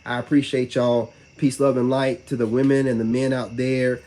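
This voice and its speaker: A man's voice: mid-range voice, flat delivery, mellow. A man talking casually to his live viewers in a loose, rambling way, full of slang and repeated "you know what I'm saying". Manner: fast, loose slang-heavy speech. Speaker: vlogger talking to live chat. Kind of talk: casual live-stream talk.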